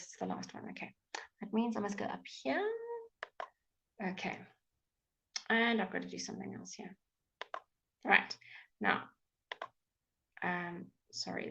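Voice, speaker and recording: A woman with a British accent teaching English pronunciation in a live online class, enunciating words slowly and clearly, with frequent fillers. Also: mid-range voice, sharp tone, a little hiss or hum, rough recording. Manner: slow, clear, drawn-out enunciation with many fillers. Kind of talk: live online language lesson.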